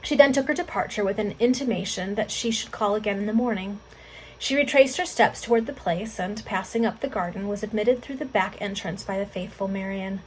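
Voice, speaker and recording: A woman reading a novel aloud to friends over a video call, earnest and expressive, stopping for heartfelt asides. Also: mid-range voice, fairly quick, slight background noise, poor audio. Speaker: volunteer reader.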